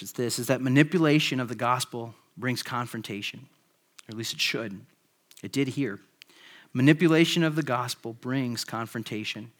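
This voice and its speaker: A man preaching a sermon in a casual, conversational way, with frequent "like" and "right?" tag questions. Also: medium pitch. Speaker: pastor.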